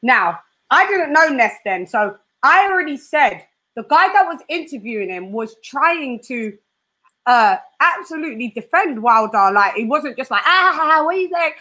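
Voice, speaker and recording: A woman interviewing a guest in casual chat, animated and laughing often. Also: a little high, moderate pace. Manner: animated, laughs often, does voices for quotes.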